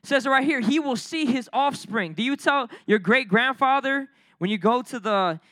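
A young adult man preaching a sermon in an energetic, conversational way, full of slang and quick asides. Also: extremely high pitch, dry recording. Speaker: pastor.

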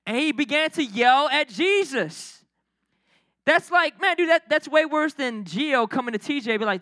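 A young adult man preaching a sermon in an energetic, conversational way, full of slang and quick asides. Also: extremely high pitch, dry recording. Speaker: pastor.

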